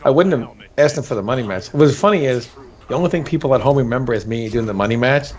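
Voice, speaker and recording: A man's voice: medium pitch, fast. A man chatting casually as a co-host, telling tournament stories, laughing and acting out quotes. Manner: animated, laughing, acts out quotes. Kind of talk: casual storytelling chat.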